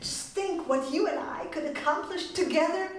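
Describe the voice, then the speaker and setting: A woman playing a pushy, lovesick woman in a stage reading of a musical, gushing and pleading loudly. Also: extremely high pitch, moderate pace, recorded from a distance. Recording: roomy live recording from afar.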